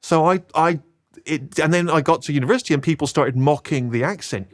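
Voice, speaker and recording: A man's voice: fairly high pitch, expressive, fairly quick. A middle-aged man with a Bristol West Country accent, chatting as a podcast guest and telling self-deprecating stories. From England, Bristol. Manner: self-deprecating storyteller, slips into put-on voices. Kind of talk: casual chat.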